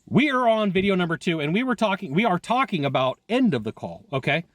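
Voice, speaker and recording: A man talking casually to camera as a sales coach, animated and quick, laughing often and breaking into asides. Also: high voice, no room sound. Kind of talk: casual video talk to camera. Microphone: headphones on, recorded live.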